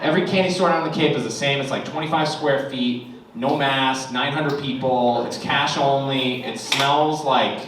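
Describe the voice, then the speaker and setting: A stand-up comedian, ranting sarcastically and with exasperation about family life on a club stage. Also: male voice, mid-range voice, fairly even intonation, moderate pace, noisy background. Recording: echoey club from far off. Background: audience laughter.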